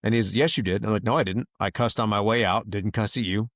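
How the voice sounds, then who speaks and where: A man's voice: lowish voice, fast, no echo, clean studio sound. A man, a veteran hosting a podcast, telling his story in casual chat and acting out other people's lines with a raised voice. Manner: animated retelling, quotes others in raised voice.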